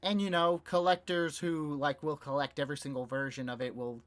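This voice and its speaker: A man's voice: fairly high pitch, fairly even intonation, brisk, clear, resonant tone. Chatty young man, rambling and upbeat. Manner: rambling, hesitant with many fillers, laughs easily. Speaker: podcast co-host. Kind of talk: casual chat about video games.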